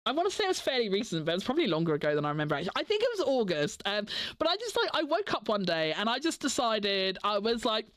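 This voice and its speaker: A woman's voice: mid-range voice, sing-song, fast, no room sound. A young woman chatting casually on a livestream, rambling with many "like" fillers and frequent giggles. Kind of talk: casual chat stream.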